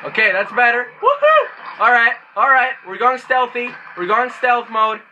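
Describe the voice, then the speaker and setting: A man commenting on his own gameplay, panicking and cursing loudly at the game, then muttering to himself while sneaking. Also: extremely high pitch, very animated, normal speed, dull audio, slight background noise. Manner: yells and swears in panic at the game. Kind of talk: let's play commentary.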